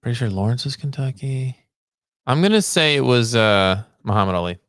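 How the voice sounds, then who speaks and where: A man's voice: mid-range voice, expressive, brisk, a bit bright, dry recording, studio quality. A man co-hosting a podcast, thinking aloud and muttering guesses while answering trivia in casual chat. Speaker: podcast co-host.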